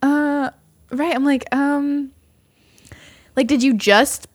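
A young woman with a high voice speaks slowly on a dry recording. She co-hosts a podcast, casually telling dating stories and animatedly acting out both sides of the conversation, saying "like" a lot.

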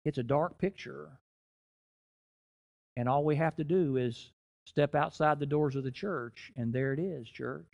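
A middle-aged man preaching a sermon in a church, rising and dropping in loudness and slowing down to stress key phrases. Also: fairly high pitch, vocal fry, dull audio. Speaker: guest preacher.

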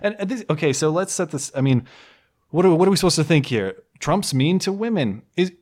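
A man's voice: a little high, lively intonation, a little fast, a little mellow. A man hosting a political podcast in casual, rambling chat, sarcastic and mocking in tone. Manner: rambling with restarts. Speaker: podcast host.

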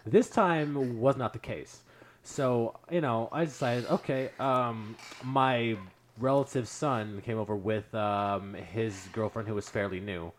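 A man's voice: medium pitch, takes it slowly. A man on a podcast casually telling a long anecdote, rambling with lots of fillers and restarts. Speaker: podcast storyteller.

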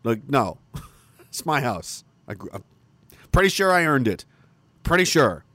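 A middle-aged man from Canada launches into a combative, profane rant. His tone is mocking and defiant. His voice sits at an ordinary pitch and sounds dry and close, with no room echo. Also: sing-song, a little slow, bright, forceful tone. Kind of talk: ranting monologue.

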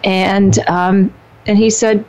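A woman in her fifties talking casually about dating and relationships, animated and emphatic, often restarting her sentences. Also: mid-range voice, slow. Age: 50s. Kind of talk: casual conversation. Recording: dull lo-fi sound.

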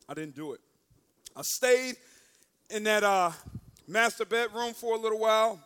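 A young adult man, a guest speaker, telling a personal story as a sermon and acting out the quoted lines with sudden loud bursts. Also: high voice, expressive, moderate pace, pauses often, smooth.

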